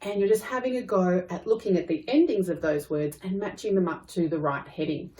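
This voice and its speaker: A woman's voice: on the low side, a little fast, dark tone. A woman with an Australian accent, patiently explaining a spelling lesson to children. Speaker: primary school teacher. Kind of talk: recorded online lesson. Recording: echoey room.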